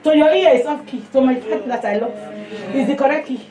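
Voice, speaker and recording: A woman with a Nigerian accent preaching a sermon to a fellowship, passionate and emphatic, swinging between loud and hushed. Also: high voice, fairly quick, echoey room, recorded from a distance, faint music behind.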